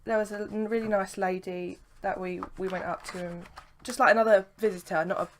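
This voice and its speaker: A woman's voice: mid-range voice, fairly even intonation, brisk, a little hiss or hum. A young woman telling a long story to camera in a casual vlog, rambling with lots of "sort of" and "like". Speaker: vlogger. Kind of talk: casual chat.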